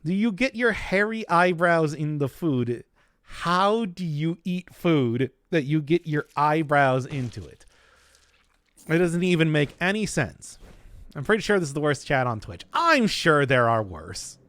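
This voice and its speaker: A man's voice: a little high, expressive, a little slow, a bit bright, no room sound. A man streaming a video game, chatting casually with jokes and rambling restarts while answering chat. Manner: jokey, rambling, self-interrupting. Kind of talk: casual gameplay commentary.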